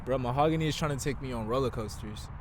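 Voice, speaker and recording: A man's voice: mid-range voice, fast talker, noisy background. A young man co-hosting a casual podcast chat, slangy and laid-back, often laughing. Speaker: podcast co-host.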